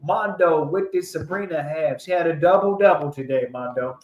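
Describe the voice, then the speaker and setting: A man's voice: fairly high pitch, moderate pace. A man hosting a casual livestream sports chat, talking in a playful, laughing way as he hypes up the picks. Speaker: host. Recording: echoey room.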